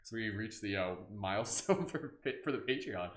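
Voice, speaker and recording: A man's voice: on the low side, expressive, normal speed, echoey room. A man hosting a live guided meditation, playful and goofy, chatting loosely with lots of filler words. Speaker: meditation host.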